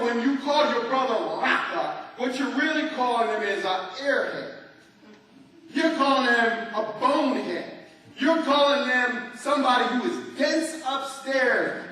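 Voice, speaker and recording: High-voiced preacher in an echoing hall. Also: male voice. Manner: animated preaching, leads the congregation in call-and-response. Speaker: pastor. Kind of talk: sermon. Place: large church hall. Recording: echoey church hall from far off.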